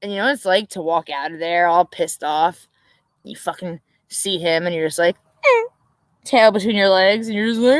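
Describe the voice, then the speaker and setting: A woman's voice: fairly low pitch, normal speed, dry recording. A brash woman chatting casually on a live stream, swearing freely and laughing often. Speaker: co-host.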